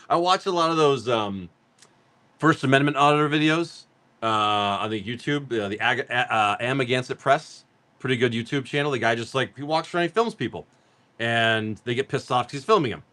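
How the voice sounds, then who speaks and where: A man's voice: medium pitch, normal speed, bright, forceful tone. A middle-aged man from Massachusetts hosting a casual live card-selling stream. He rambles from story to story, swears freely and laughs easily.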